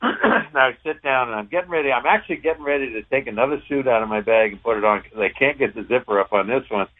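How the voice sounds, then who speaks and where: A man, a former pro hockey player, telling a long anecdote in a relaxed, rambling way, with some salty language. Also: medium pitch, quick pace. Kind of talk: casual anecdotal storytelling. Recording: tinny phone-line sound.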